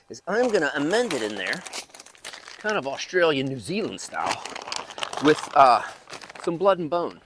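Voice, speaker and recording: Chatty man with a lively voice. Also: fairly high pitch, background noise. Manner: rambling, chatty, talks while digging. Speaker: gardening channel host. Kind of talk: casual chat. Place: outdoor backyard garden.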